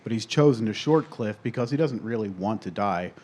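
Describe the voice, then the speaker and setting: A man guesting on a podcast, recounting a crime case in a measured, detailed way. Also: lowish voice, expressive, darkish tone. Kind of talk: casual storytelling.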